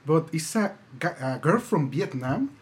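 Mexican guy guesting on a podcast, accent, kinda high voice, stops and restarts a lot. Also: very animated. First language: Spanish. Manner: halting, restarts a lot, laughs easily. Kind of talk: casual chat.

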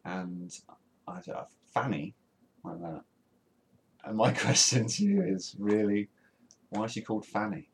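A man's voice: fairly low pitch, measured pace, gravelly, pauses often, husky. A British man co-hosting a podcast, chatting casually in a rambling, self-mocking way with lots of restarts and laughter. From Britain. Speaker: podcast co-host. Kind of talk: casual banter.

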